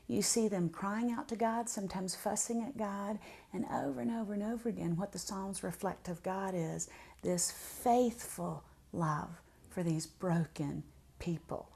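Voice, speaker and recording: A woman's voice: medium pitch, creaky. A woman, telling a personal story as an author and speaker, drawing out words for emphasis. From Southern United States. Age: 40s. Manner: warm, vivid storyteller, draws words out for emphasis.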